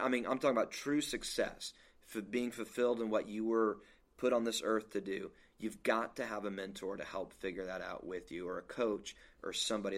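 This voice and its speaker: A man who works as a leadership coach, talking emphatically and motivationally in a casual podcast chat. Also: on the low side.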